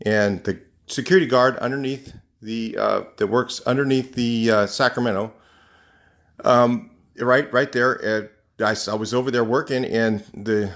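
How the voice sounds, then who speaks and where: A man's voice: medium pitch, fairly bright tone. Rambling, indignant man venting. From California. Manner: rambling, indignant, many fillers and restarts. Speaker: vlogger. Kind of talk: casual ranting monologue to camera.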